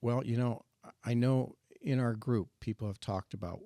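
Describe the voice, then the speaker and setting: Gravelly low-voiced man in his sixties. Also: dark tone, no room sound. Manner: earnest and reflective, halting with restarts. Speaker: guest sharing his testimony. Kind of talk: personal testimony in a faith discussion.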